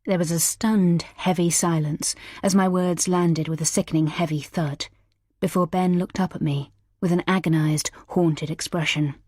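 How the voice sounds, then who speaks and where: A woman's voice: fairly low pitch, steady tone, normal speed, dry recording, clean studio sound. A woman narrating a first-person thriller audiobook in a tense, dramatic manner. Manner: tense, dramatic, shouting in character lines.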